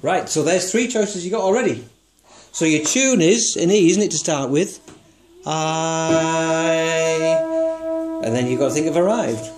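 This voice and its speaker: With music in the background, a man whose voice is fairly high and lively in intonation teaches songwriting one to one at a fairly quick pace. He's patient and encouraging, steering with questions and singing short notes to demonstrate the tune.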